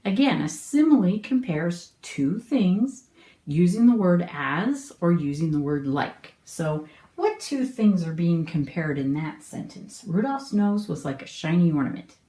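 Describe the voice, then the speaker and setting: A woman's voice: on the low side, lively intonation, measured pace, mellow, echoey room. A middle-aged woman teaching an online homeschool lesson, explaining patiently and asking the viewer questions.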